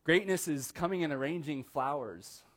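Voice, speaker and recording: A man preaching a sermon as pastor, earnest, slowing down on key phrases and calling the listeners friends. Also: on the high side, lively intonation.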